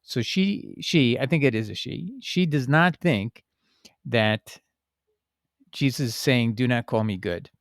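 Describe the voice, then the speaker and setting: A man of ordinary pitch talks through scripture in an unhurried, informal way, stopping for "uh" and restarting his sentences as he thinks. The sound is close and dry, with almost no room echo. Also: expressive. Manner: thinking aloud with fillers and restarts, reading passages aloud. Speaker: Bible teaching channel host. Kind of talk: casual spoken Bible commentary.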